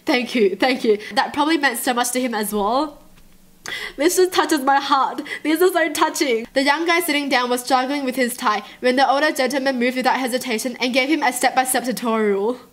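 A woman's voice: high voice, brisk. A woman vlogger reacting to touching photos in a gushing, emotional way, often giggling. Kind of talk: casual reaction commentary.

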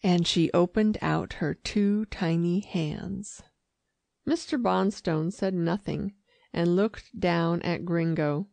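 A woman narrating an audiobook in a measured, careful reading. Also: fairly low pitch, steady tone, vocal fry, darkish tone, no echo. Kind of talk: scripted narration.

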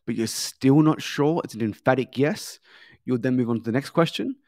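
A man's voice: mid-range voice, moderate pace, a little mellow. A male sales trainer talks in a loose, conversational way, dropping in plenty of filler words. His voice sits in an ordinary middle range. The recording is dry, with no echo. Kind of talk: sales training with role-play.

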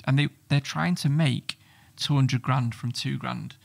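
A man's voice: mid-range voice, measured pace, creaky. A middle-aged man talking bluntly and swearing freely as a guest in a casual podcast chat. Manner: blunt, sweary, animated storytelling.

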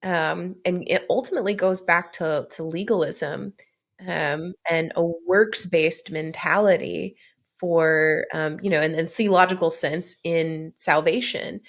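A woman co-host explains things in a measured, steady way. Her voice sits lower than most women's. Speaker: podcast co-host. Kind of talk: casual chat.

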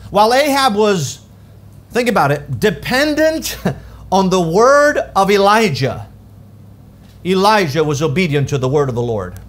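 In the sanctuary, a pastor delivers a sermon to his church in a high voice that leaps and drops. Loud, ringing calls alternate with quiet, low lines, lending each point dramatic weight.

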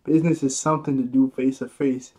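A man reading out the lines of a defiant, beaten male black-market dealer, slow and scornful. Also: medium pitch, flat delivery, dark tone, natural voice.

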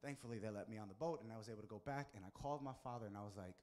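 A man from the United States, a pastor, preaching a sermon in a storytelling way and pushing his voice higher and louder for emphasis. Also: very fast.

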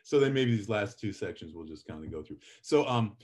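A man's voice: fairly low pitch, animated, a little fast, darkish tone. Chatty man giving a live lecture. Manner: chatty, self-deprecating, plays out examples dramatically. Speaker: public speaking instructor.

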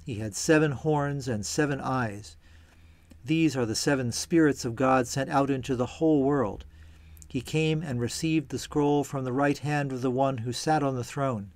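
A church reader and teacher, a man with a mid-range voice, reads scripture in a measured, reverent way, then offers a calm reflection. He speaks deliberately for a church series, and the recording is dry.

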